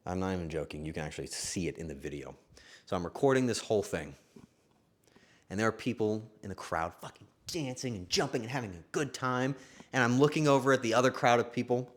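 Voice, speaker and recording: A young man streaming, chatting casually and emotionally, swearing often and swinging from loud bursts to hushed asides. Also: on the low side, animated, brisk.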